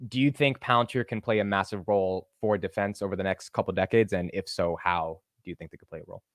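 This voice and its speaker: A man hosting a casual investing interview, animated and quick to swear and laugh. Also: sits low, dry recording, clean studio sound. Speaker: host.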